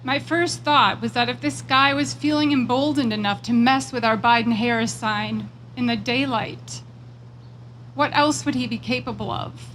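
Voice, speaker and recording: A woman giving a prepared political speech at a rally, measured and emphatic, slowing down on repeated phrases and moving into personal storytelling. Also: on the high side, fairly bright tone, slight background noise, poor audio. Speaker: rally speaker.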